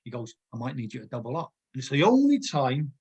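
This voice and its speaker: A man in his fifties tells his old football stories at a relaxed, rambling pace. His voice is husky and a little rough. He keeps wandering off into side stories and laughs as he goes. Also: medium pitch, fast talker, muffled recording. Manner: rambling anecdotes, digresses, laughs often. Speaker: former footballer guest. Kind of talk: casual storytelling chat.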